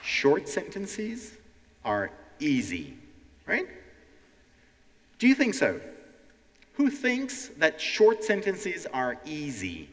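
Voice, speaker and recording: A man from Ukraine hosting a live educational stand-up show, animated and teacherly, often checking in with the audience. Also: a little high, extremely slow, long pauses. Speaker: language teacher and show host. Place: large hall before a live audience. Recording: long hall reverb.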